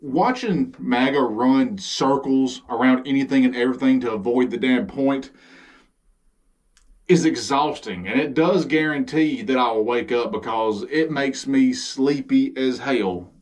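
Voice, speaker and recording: A man's voice: mid-range voice, measured pace, far from the mic. A man with a Southern US accent giving a sarcastic, exasperated comedic monologue as the host of his own show. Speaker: comedy vlogger.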